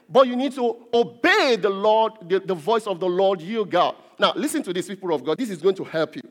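A male pastor preaching a sermon, emphatic, repeating and stressing key words. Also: very high voice. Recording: long hall reverb.

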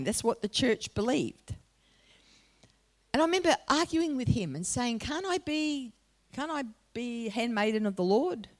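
A middle-aged woman preaching a sermon to a congregation, moving from personal storytelling to loud, emphatic exhortation. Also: fairly high pitch.

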